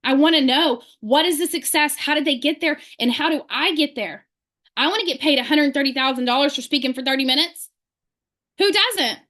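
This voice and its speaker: High-voiced woman giving a fervent pep talk. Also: sharp tone. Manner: fervent, rapid rhetorical questions. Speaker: sales team leader. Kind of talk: motivational team talk. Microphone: video call.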